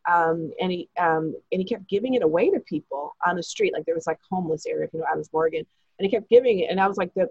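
A woman's voice: mid-range voice, gravelly, husky, dry recording, muffled recording. A woman telling a long personal story in a chatty, breathless way, acting out the lines of the people in it. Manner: chatty, breathless retelling with quoted dialogue. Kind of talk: casual storytelling.

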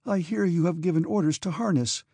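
A man reading aloud and voicing a gentle, earnest young noblewoman who speaks softly and pleads with her brother. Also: high-pitched, brisk, slightly rough, no room sound, voice pushed up. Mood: earnest pleading.

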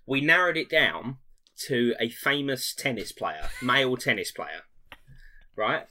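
A man co-hosting a chatty podcast, telling a story with growing laughter. His voice is bright and forward. He talks casually and animatedly. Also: medium pitch, expressive, a little slow. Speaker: podcast co-host.

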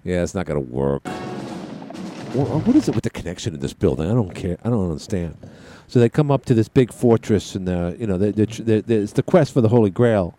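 Mellow-voiced rambling male radio host. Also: fairly low pitch, lively intonation, fast, a little hiss or hum. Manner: rambling, joking, digressive. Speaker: radio talk show host. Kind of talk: call-in talk radio chat.

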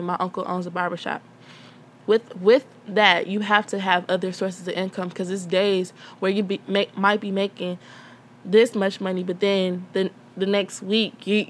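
A young adult woman hosts a podcast from home, speaking in a mid-range, slightly bright voice with a little hiss or hum in the background. Her casual personal talk is candid and rambling, full of fillers.

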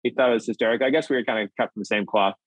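A middle-aged man from Minnesota, a comedic actor and filmmaker, telling an animated anecdote and acting out the voices. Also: mid-range voice, very fast, no room sound, rough recording. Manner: acts out voices in his anecdotes, excitable. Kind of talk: animated storytelling. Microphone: video call.

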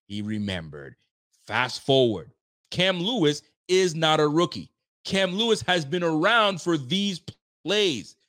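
The speaker is a young man hosting a live sports stream, venting frustration in an animated rant with plenty of swearing and some acted-out player voices. His pitch is fairly high and his tone fairly bright.

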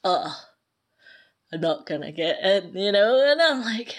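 A woman's voice: mid-range voice, sing-song, measured pace, pauses often. A woman clan leader chatting casually, ranting in an amused way and laughing often. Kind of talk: casual chat.

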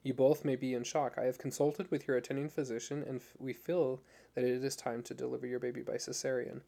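A man's voice: mid-range voice, little pitch movement, fairly quick, gravelly, dark tone, close to an everyday voice. A man voicing a woman surgeon who talks in a clipped, matter-of-fact way. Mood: clinical, firm. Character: brisk, blunt woman surgeon, cool and authoritative.

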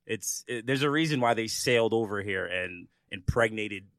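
A man's voice: fairly low pitch, moderate pace, a bit bright, no echo, studio quality. A man in casual podcast banter, laid-back and rambling with lots of fillers, laughing often. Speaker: comedian.

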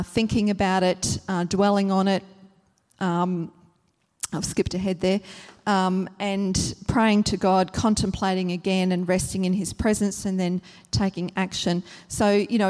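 Woman, mid-pitched church teacher; gentle explainer, filler-heavy, repeats for emphasis; long hall reverb. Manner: gentle, explanatory, many ums and uhs; repeats a phrase to stress each word.

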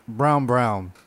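A man's voice: medium pitch, creaky. A young man in casual chat, rambling loosely through stories and half-remembered details.

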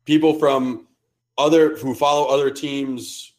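A man's voice: mid-range voice, flat delivery, a little slow, darkish tone. A man co-hosting a casual sports podcast, blunt and crude, full of teasing banter. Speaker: podcast co-host.

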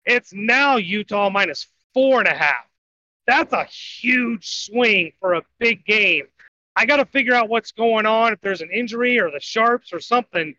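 A man's voice: sits high, lively intonation, moderate pace, sharp tone, no echo. A man co-hosting a sports betting podcast, rambling through his college football and baseball picks in casual talk. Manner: rambling, self-correcting picks. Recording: dull lo-fi audio.

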